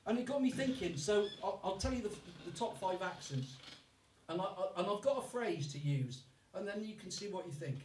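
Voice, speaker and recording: Brummie stand-up comic in an echoey club. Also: male voice, high voice, expressive, fairly quick, darkish tone, slight background noise. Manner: swears freely, puts on voices for accents. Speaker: stand-up comedian. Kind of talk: stand-up comedy set. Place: live comedy club. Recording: echoey room from far off.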